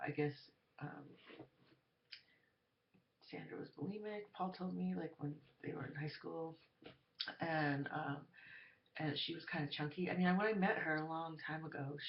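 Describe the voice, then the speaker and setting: A woman telling a story in a casual monologue, rambling and hesitant, full of fillers. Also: deep voice. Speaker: vlogger. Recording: roomy, dull lo-fi recording.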